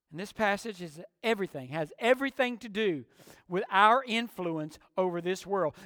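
A man delivers a sermon with an emphatic preaching manner. His voice sits very high for a man. The recording is dry up close but carries a long hall reverb behind it. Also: a bit bright. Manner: emphatic preaching with rhetorical questions. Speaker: pastor.

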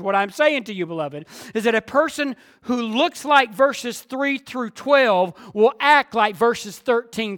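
A man's voice: very high-pitched, sharp tone. A man preaching a Sunday sermon, repeating key phrases for emphasis and drawing out his words. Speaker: pastor.

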